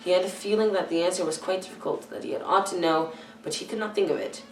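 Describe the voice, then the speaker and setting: A woman's voice: lowish voice, fast talker, a little mellow. Teenage girl reading a storybook aloud. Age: teens. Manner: careful reading with frequent stumbles and self-corrections. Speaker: youth reader. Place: church hall. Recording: echoey room, far from the mic.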